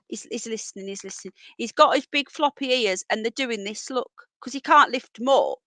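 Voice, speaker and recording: A woman chatting casually to viewers on a home livestream, often calling her pets in a high singsong voice. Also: normal speed, fairly bright tone, no room sound. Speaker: livestream host. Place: home, indoors. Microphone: earphones with mic.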